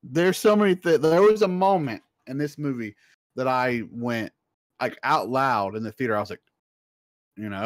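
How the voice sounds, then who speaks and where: A man's voice: medium pitch, normal speed, dry recording. Man rambling eagerly on a podcast. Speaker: podcast co-host. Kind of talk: casual chat.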